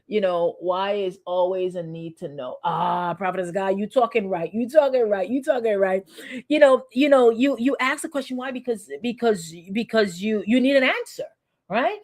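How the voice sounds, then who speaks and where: A woman's voice: medium pitch, moderate pace, darkish tone. A woman pastor giving a conversational sermon, piling up rhetorical questions and calling out to members of the congregation.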